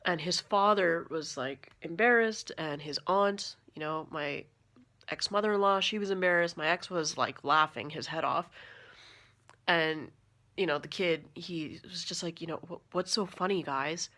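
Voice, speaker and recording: A Canadian woman in her thirties, telling a story to camera in a chatty, animated way full of fillers. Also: deep voice, measured pace. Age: 30s. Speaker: vlogger.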